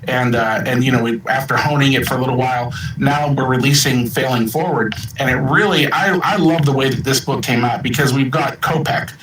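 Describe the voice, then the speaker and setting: A man's voice: mid-range voice, fairly quick, few pauses. A man guest in an interview, explaining at length and repeating words as he thinks aloud. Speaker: author guest. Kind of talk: casual interview chat. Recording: echoey, noisy, distant call audio.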